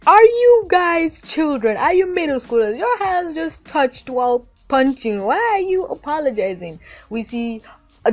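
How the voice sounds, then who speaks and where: A young adult woman casually reviewing a cartoon episode, excitable and gushing, acting out the characters' lines. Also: mid-range voice. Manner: excitable, gushing, acts out quotes.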